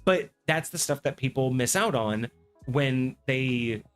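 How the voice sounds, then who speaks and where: A man hosting a tabletop gaming talk show, ranting in a casual, animated way and swearing freely. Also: medium pitch, slow, faint music behind. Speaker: podcast host. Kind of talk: casual chat.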